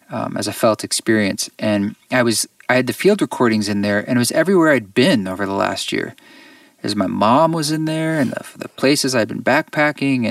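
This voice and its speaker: A man, a musician guest on an interview show, tells a personal story in an earnest, reflective way with halting restarts. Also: medium pitch, creaky, a bit bright, dry recording, far from the mic.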